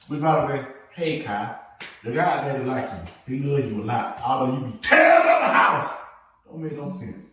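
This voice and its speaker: A man hosts a loose podcast chat, his voice sitting a bit high and swinging widely as he acts out stories. He laughs often. He sounds set back from the mic in a very echoey room. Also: recorded from a distance, a little hiss or hum. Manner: animated storytelling, laughing often. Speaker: podcast host. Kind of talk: casual chat.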